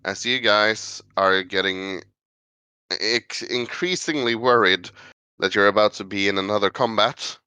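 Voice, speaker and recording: Bright, crisp-voiced man narrating a tabletop game. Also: lowish voice, a little slow, no room sound. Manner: chatty, filler-heavy narration with frequent uh and like. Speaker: game master.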